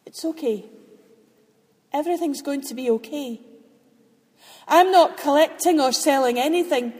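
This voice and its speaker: A woman's voice: high voice, unhurried, a little mellow, in a large hall. A woman voicing an earnest young male angel who talks in an eager, reassuring rush.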